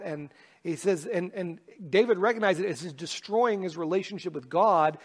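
A man preaching a sermon as pastor, moving from quiet, personal reflection to loud, impassioned calls. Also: high-pitched, moderate pace, breathy edge. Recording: long hall reverb.

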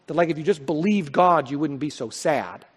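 A male pastor preaching a sermon, swelling to loud, high peaks and then dropping to soft, quiet lines. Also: animated, normal speed, breathy edge. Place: church sanctuary. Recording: long hall reverb.

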